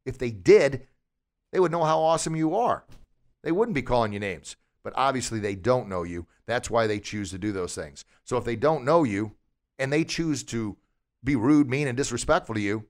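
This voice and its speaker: In a mid-range voice, a man hosts a podcast and gives a high-energy motivational talk as a martial arts instructor, asking his audience lots of rhetorical questions.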